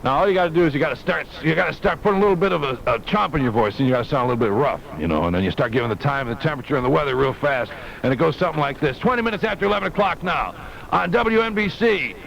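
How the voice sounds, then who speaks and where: A man's voice: mid-range voice, rapid-fire, vocal fry, fairly bright tone. A man working as a radio disc jockey, rambling and wisecracking at the engineer on a 1970s aircheck. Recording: dull 1970s radio aircheck with faint hiss.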